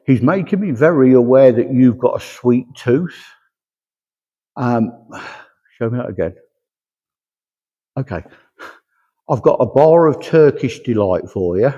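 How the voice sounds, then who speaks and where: Husky dark-voiced medium in a hall. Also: male voice, lowish voice. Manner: chatty relaying of spirit messages, repeated "he says". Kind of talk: platform mediumship demonstration. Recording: echoey hall, dull lo-fi sound.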